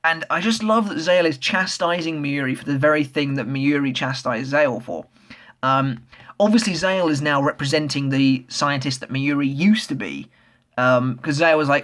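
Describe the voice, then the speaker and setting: Guy rambling through a manga review, kinda high voice, lots of ums and swearing. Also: brisk. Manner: excitable, swears freely, many filler "ums". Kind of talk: casual spoken review.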